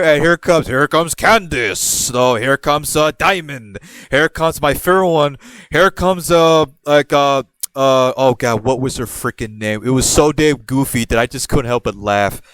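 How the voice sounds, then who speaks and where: A young man hosting a podcast, telling a rambling personal story in a casual, animated way with frequent restarts and laughs. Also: mid-range voice, clear, resonant tone, no room sound. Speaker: podcast host.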